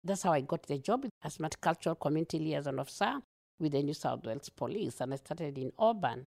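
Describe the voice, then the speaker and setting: A woman with a Kenyan accent tells her story as an interview guest, earnest and animated, laughing easily. Her voice sits a little low and carries a gravelly edge. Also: fast.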